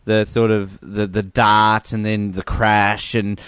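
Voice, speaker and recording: A man's voice: fairly low pitch, little pitch movement, slow, fairly bright tone, clean tone, dry recording. A man co-hosting a podcast, talking about a film with enthusiasm and plenty of laughs and fillers. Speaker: podcast co-host. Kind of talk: casual film discussion.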